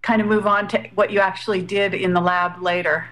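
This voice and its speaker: A woman's voice: mid-range voice, level tone, a little fast, a bit bright, rough recording. A woman hosting a radio interview, chatty and apologetic as she steers her guest back on track. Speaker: radio host.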